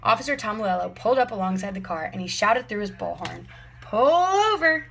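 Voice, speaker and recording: A woman narrating a children's story in clear, measured scripted narration. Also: mid-range voice, fairly bright tone, low-quality recording. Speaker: audiobook narrator.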